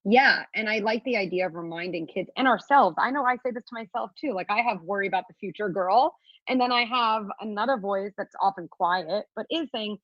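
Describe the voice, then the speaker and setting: Woman, husky voice, earnest coaching tone, dry dull podcast sound. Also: mid-range voice, fairly quick, dry recording. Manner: earnest, coaching, acts out kids' inner voices in a sing-song. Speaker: parenting guest expert. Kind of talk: podcast interview talk.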